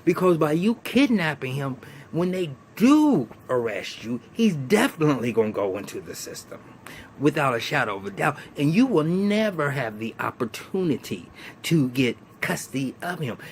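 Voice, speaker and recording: A man's voice: fairly high pitch, big pitch swings, moderate pace, a little hiss or hum. A man casually recapping and reviewing a TV episode, chatty and colloquial, with frequent restarts and laughter.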